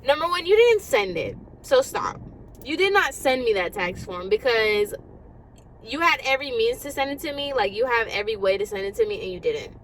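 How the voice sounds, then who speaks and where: A young woman vlogs from inside a parked car, venting to her viewers in a fast, exasperated rant. Her voice sits a little high and bounces around as she gets worked up. A faint hum of passing traffic sits behind her. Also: rough recording. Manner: exasperated, ranting, rapid and animated. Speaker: vlogger. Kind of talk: casual rant to camera.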